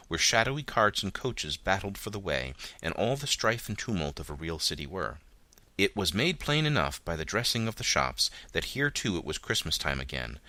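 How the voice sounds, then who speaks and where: A man narrating a classic novel as an audiobook, with an expressive, dramatic reading. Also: low voice, no room sound.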